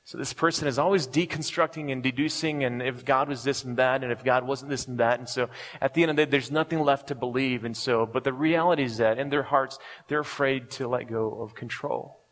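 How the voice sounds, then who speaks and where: A man's voice: mid-range voice, fairly even intonation, brisk, hardly any pauses, fairly bright tone, in a large hall. A man preaching a sermon as a pastor, speaking in a conversational way, chuckling often and checking in with his listeners. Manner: conversational, chuckles often, keeps asking "right?".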